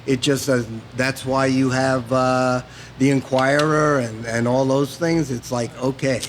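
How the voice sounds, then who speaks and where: Relaxed male talk show host. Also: mid-range voice, a little slow, a little hiss or hum. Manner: relaxed, supportive listener. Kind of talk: casual chat.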